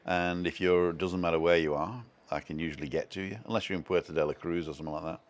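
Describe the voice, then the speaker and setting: A man's voice: sits low, steady tone, quick pace, dull audio. A man hosting a casual live stream, chatting in a self-deprecating way and reading out viewer comments from home.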